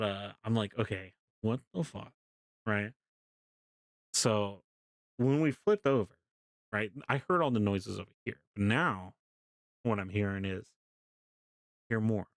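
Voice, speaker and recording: A man's voice: on the low side, slow pace, pauses often, no echo, clean studio sound. Laughing, swearing young streamer man. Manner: animated and swearing, laughing often while telling the story. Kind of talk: casual storytelling to a live stream chat.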